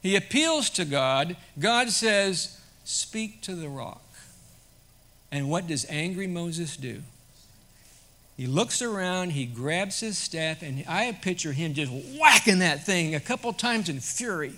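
A male pastor delivers a sermon in a bright, slightly high voice. He talks in a conversational way, then builds to loud, emphatic peaks. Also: lively intonation, measured pace.

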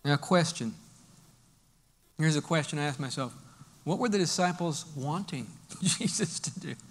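A man preaching a sermon as a pastor, telling stories in an animated way and swinging between loud bursts and hushed lines. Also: a little high, a little slow.

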